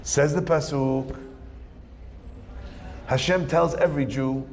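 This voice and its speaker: A male rabbi teaching with a high, gravelly voice, firing off rhetorical questions and telling stories with energy. His voice carries the long reverb of a hall. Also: measured pace. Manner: rhetorical questions, lively storytelling. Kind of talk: Torah lesson.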